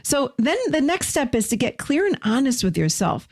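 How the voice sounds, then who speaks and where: A middle-aged woman gently leading listeners through a self-help process, talking in a warm, conversational way. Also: high voice, big pitch swings, moderate pace. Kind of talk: guided self-help teaching.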